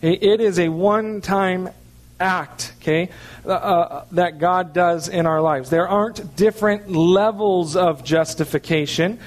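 This pastor's voice is high and he speaks a little slowly. Preaching a sermon, he earnestly teaches from scripture and keeps asking his listeners "okay?" to check in.

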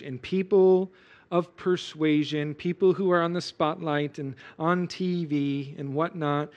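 High-voiced man preaching earnestly. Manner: earnest, exhorting, rising to loud emphasis. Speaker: pastor. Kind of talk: sermon.

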